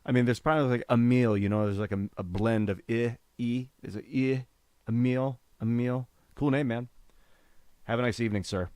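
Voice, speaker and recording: A man commentating his own card game on a live stream, thinking aloud about his moves in a casual, profane way and getting excited when thanking viewers. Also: mid-range voice, moderate pace, no echo, clean studio sound. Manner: reads out donor names with rising excitement.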